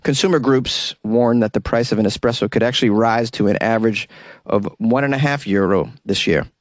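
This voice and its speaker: A man's voice: on the low side, a little fast, no room sound. A man hosting a call-in talk radio show, reading news stories and adding wry, sarcastic asides in a chatty manner.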